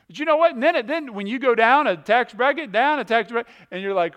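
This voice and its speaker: A man preaching a sermon as a pastor, moving between loud emphatic stretches and hushed ones, often repeating words as he goes. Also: extremely high pitch, expressive, brisk, hardly any pauses.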